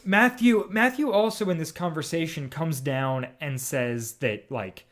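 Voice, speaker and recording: Male podcast co-host, excitable theorizer, slightly high voice. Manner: animated, theorizing, talks fast in bursts. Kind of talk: casual chat.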